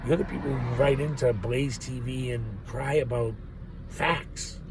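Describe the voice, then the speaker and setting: A man's voice: medium pitch, fairly even intonation, unhurried, noisy background. A man rambling through a profane, laugh-filled monologue as a vlogger. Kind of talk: ranting monologue.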